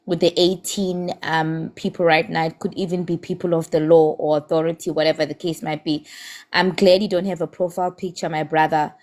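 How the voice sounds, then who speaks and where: A woman's voice: sits low, level tone, brisk, a little mellow. A woman with a South African accent in a heated live-stream debate, impassioned and scolding, slipping Zulu words into her English.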